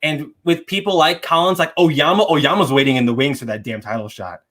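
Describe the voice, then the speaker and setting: A young man co-hosts a casual podcast, confidently reading the live chat aloud and offering emphatic, firm opinions. His voice is a little high and a bit bright, brisk, with fairly even intonation.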